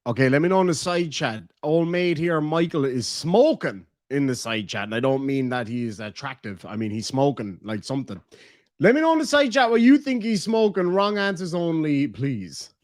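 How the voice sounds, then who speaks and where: A man with an Irish accent running a live-stream reaction, mocking and chatty as he talks to his chat. His voice sits a little high and swings widely up and down. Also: big pitch swings, moderate pace. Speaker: streamer reacting to court videos.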